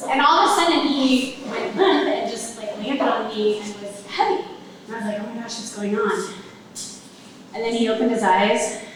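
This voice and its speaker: A woman shares a personal story with a live audience in a relaxed, conversational way and tosses wry asides to the crowd. Her voice sits a little high. It is recorded from some way off in a very reverberant room, with a faint hum of ambience behind her. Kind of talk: personal story told on stage. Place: event venue with a live audience. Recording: very echoey room, mic at a distance.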